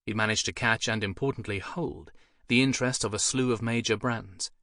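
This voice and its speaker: A man narrating an audiobook in a measured, somber way, recorded close in a studio. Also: fairly low pitch, bright, forceful tone, no echo. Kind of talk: scripted narration.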